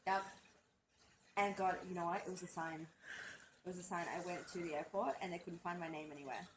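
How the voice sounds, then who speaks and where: A woman's voice: lowish voice, fairly even intonation, a little fast, background noise. A young woman from Australia co-hosting a podcast, telling a story in casual chat, swearing often and acting out quotes. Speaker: podcast co-host.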